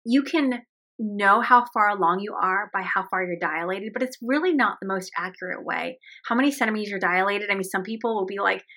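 A woman's voice: medium pitch, sharp tone. A woman in her thirties hosting a personal faith podcast, talking earnestly and emotionally in a chatty way. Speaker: podcast host.

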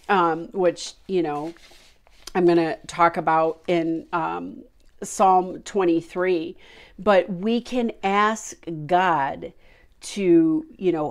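Slow, low-voiced woman giving earnest devotion. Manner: earnest, heartfelt, many fillers. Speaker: Christian devotional speaker. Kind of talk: informal devotional talk.

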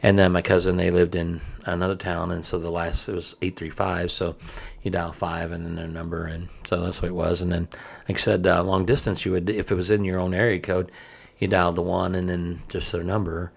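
Gravelly low-voiced older man. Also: flat delivery, a little fast, few pauses. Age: 50s. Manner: rambling, folksy storytelling with many fillers. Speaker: co-host, father of the host. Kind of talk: casual chat.

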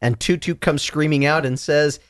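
A man co-hosting a casual book discussion podcast, laughing often as he retells scenes with animated energy. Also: on the high side, moderate pace, background noise. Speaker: podcast co-host.

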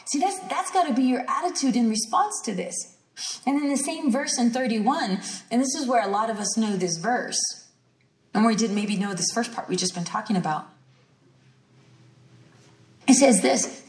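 A woman's voice: a little high, lively intonation, moderate pace, pauses often, a little mellow, distant mic. Woman, emphatic sermon-style teacher, declarative, repeats phrases, roomy echo. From rural ranch country. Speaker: teacher at a healing school.

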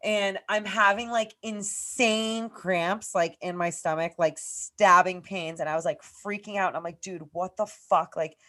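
A woman's voice: mid-range voice, steady tone, unhurried, few pauses, sharp tone. A woman in her thirties from Massachusetts, co-hosting a podcast and telling a long personal story in casual, profane speech full of "like". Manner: profane, rambling, heavy use of "like". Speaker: podcast co-host.

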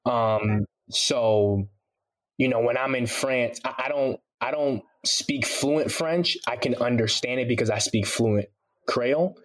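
A man talking loosely as an interview guest, relaxed and slangy, with lots of "you know" fillers. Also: medium pitch, takes it slowly. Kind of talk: casual interview chat.

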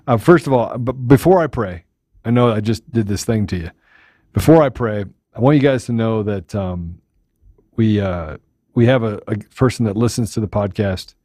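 A man co-hosting a podcast, talking loud and upbeat and laughing often. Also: on the low side, moderate pace, no echo, clean studio sound. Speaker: podcast co-host. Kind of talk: casual chat.

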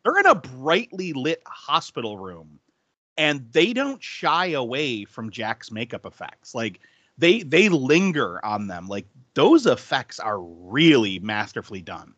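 A man's voice: medium pitch, big pitch swings, measured pace, a bit bright, no echo, muffled recording. A man co-hosting a casual film podcast, enthusiastic and giggly, who swears casually and laughs often. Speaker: podcast co-host.

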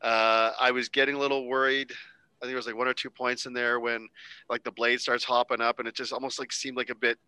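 A man's voice: mid-range voice, little pitch movement, brisk, bright, forceful tone, clear, resonant tone, no room sound, low-quality recording. A man co-hosting a casual wrestling podcast, rambling and interrupting himself, laughing easily. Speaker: podcast co-host.

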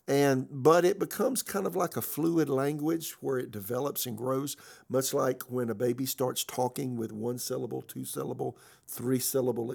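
A man's voice: medium pitch, creaky, darkish tone. A man pastor teaching in a conversational sermon style, telling a personal story with many fillers and restarts.

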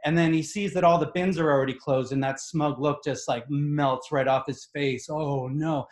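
A slightly high-pitched male voice drives a funny story home to a live crowd, exasperated and animated, hammering his points. He keeps a moderate pace, and the room's clear echo colours the recording.

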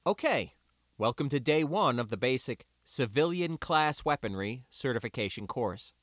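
A man reading an audiobook and voicing a round, easygoing male weapons instructor who lectures in a relaxed, explanatory way. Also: medium pitch, moderate pace, dry recording, clean studio sound, voice pushed up, close to an everyday voice. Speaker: teacher. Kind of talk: audiobook character voice.

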